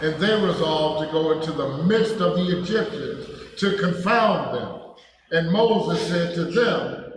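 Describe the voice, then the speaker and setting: A man reading scripture aloud in a measured, deliberate way during a Bible study. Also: high voice. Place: church hall. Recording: distant mic in an echoey hall with faint noise.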